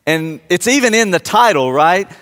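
A man telling a personal story to a live audience and acting out his own reactions in a lively, anecdotal way. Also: high voice, normal speed. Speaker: speaker addressing a live audience. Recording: long hall reverb.

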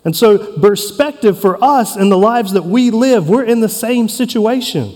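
A man with a notably high voice delivers a sermon as a pastor, earnest and emphatic, leaning on dramatic pauses. His words ring out with a long reverb, as in a large church sanctuary. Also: animated, darkish tone.

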